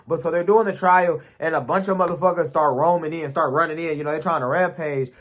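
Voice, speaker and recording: A man's voice: on the high side, fast, a bit bright. Slangy man recapping a show. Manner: crude, slangy, rambling storytelling. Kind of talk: casual episode recap.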